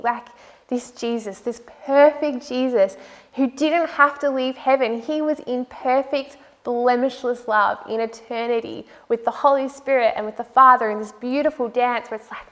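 Woman telling her faith story, higher pitched, earnest, lots of "like"s. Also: normal speed, a bit bright. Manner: earnest and heartfelt, frequent "like" fillers. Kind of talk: personal testimony.

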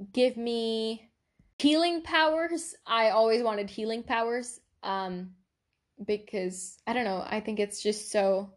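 A young woman hosting her own podcast, chatting casually and rambling with lots of fillers and giggles. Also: on the high side. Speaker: podcast host. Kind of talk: casual solo podcast chat.

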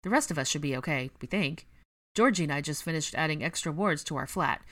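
Woman reading as a young man, wry, joking, low voice, audiobook. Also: expressive, a little fast, a bit bright.

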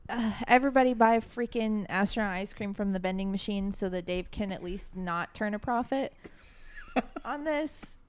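A woman's voice: medium pitch, moderate pace, clear, resonant tone. A woman co-hosting a podcast in casual chat, teasing and swearing freely. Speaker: podcast co-host.

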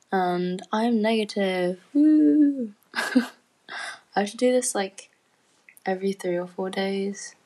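A woman's voice: medium pitch, darkish tone, low-quality recording. A woman in casual rambling chat from home, giggly and full of fillers, often dropping to a near-whisper. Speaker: student podcaster.

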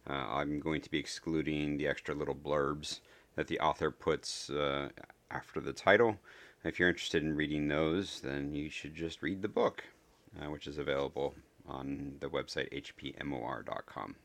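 Deep-voiced man reading a novel aloud. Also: a bit bright. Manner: measured, with casual ums in asides. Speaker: audiobook reader. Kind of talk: steady fiction narration.

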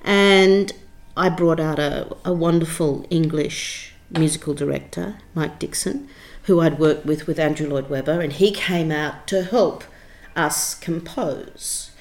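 Expressive middle-aged woman, slightly low voice. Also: a little slow. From Australia. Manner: expressive, emphatic storyteller with frequent restarts. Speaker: theatre director and writer, interview guest. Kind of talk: storytelling in an interview.

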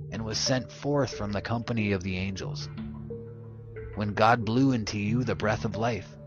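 A man's voice: fairly low pitch, close to an everyday voice. A man reading as the devil, a bitter fallen angel. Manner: bitter, self-pitying, deceitful. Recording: muffled podcast audio with music behind.

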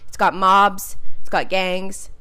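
A woman co-hosting a casual podcast, talking in a loose, unhurried way. Her sentences wander and trail off, padded with fillers. Her pitch sits in the middle of the range. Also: fairly even intonation, bright, forceful tone, clear, resonant tone. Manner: laid-back, filler-heavy, trailing off. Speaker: podcast co-host. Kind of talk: casual chat.

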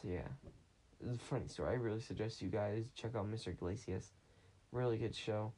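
A man with a lowish, warm voice hosts a casual podcast recorded on a phone, speaking briskly. He tells a story in a rambling fashion, full of restarts and acted-out quotes.

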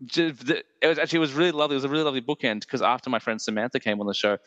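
A man's voice: mid-range voice, steady tone, racing, a bit bright, no room sound, long reverb tail, lo-fi sound. A man hosting a podcast in casual chat, rambling enthusiastically and jumping between tangents. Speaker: podcast host.

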